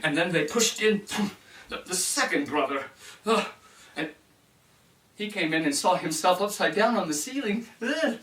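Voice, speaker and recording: Animated storyteller man, heard from afar. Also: sits high, moderate pace, long pauses. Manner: animated, shifting into character voices and addressing the audience. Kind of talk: storytelling for children. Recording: roomy sound from a distance.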